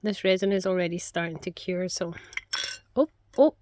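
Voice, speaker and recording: A woman's voice: fairly low pitch, level tone, fairly quick, background noise. A middle-aged woman talking casually as she works in her craft studio, rambling from one thing to the next. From Scotland. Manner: rambling, chatty, talks to her pets. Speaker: craft vlogger. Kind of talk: casual chatty vlog.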